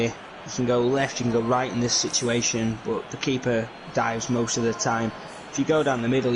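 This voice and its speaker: A man's voice: medium pitch, background noise. Man doing video game commentary. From England. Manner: lively, filler-heavy play-by-play. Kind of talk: solo play-by-play commentary.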